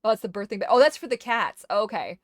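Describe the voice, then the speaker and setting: A woman's voice: mid-range voice, lively intonation, quick pace, dry recording, clean studio sound. A woman chatting casually while streaming a game, slipping into doting baby talk to her dog. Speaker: gaming streamer. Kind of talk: casual gameplay chat.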